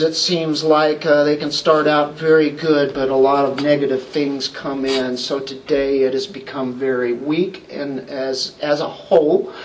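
Emphatic preacher with a higher voice, a little distant. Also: male voice, a little hiss or hum. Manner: emphatic, rhetorical questions, plain-spoken. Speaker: pastor. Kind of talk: expository sermon.

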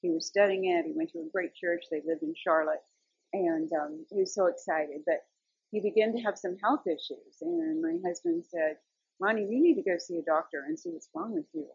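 Gravelly, husky woman giving a devotional talk. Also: fairly low pitch, lively intonation, normal speed, a little mellow, dry recording, lo-fi sound. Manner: earnest, storytelling, conversational. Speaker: Christian speaker.

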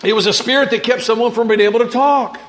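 High-voiced man preaching a sermon. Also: fairly even intonation, fast talker, a little hiss or hum. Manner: conversational preaching, reads scripture aloud, frequent restarts. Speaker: pastor.

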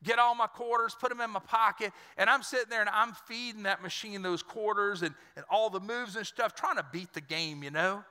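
A man's voice: high voice, a little fast, hardly any pauses, bright, forceful tone, smooth, in a large hall. A man from Louisiana, preaching a sermon and telling stories straight to his congregation. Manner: storytelling, addresses congregation directly. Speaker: pastor.

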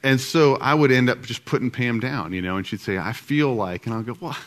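A man's voice: medium pitch, animated, a little fast. A middle-aged man teaching a group about marriage alongside his wife, talking casually and self-deprecatingly with many fillers and restarts. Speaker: husband co-presenting with his wife.

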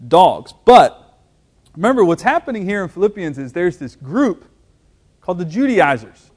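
A man with a fairly high voice preaches, reading a passage aloud and then teaching from it. He talks with lively emphasis and drops in light jokes as he explains each point. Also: normal speed, breathy edge. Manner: animated preaching with scripture reading and humor. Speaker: pastor. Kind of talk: sermon.

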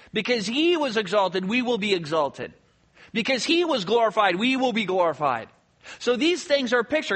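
A man's voice: high-pitched, sharp tone. A man preaching a sermon to his congregation, conversational, posing rhetorical questions and answering them. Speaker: pastor.

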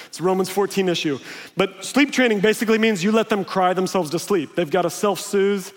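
A man preaching a sermon, telling stories in a conversational way and acting out the quotes. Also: high-pitched. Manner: conversational storytelling with laughs and acted-out quotes. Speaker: pastor. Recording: long hall reverb.

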